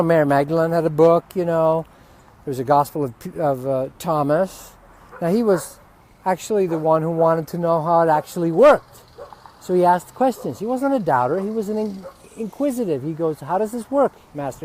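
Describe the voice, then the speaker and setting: A male spiritual teacher talks off the cuff, swearing freely and swinging into loud, heated outbursts. He is outdoors, with dogs close by. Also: fairly high pitch. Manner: profane, heated ranting with sudden loud outbursts. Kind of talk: unscripted spiritual teaching talk.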